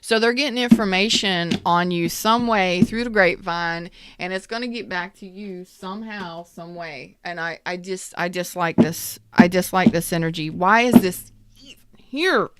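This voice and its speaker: A woman's voice: on the low side, normal speed, a little hiss or hum. A woman giving a live tarot reading in a chatty, blunt way, greeting viewers as she goes. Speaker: tarot reader.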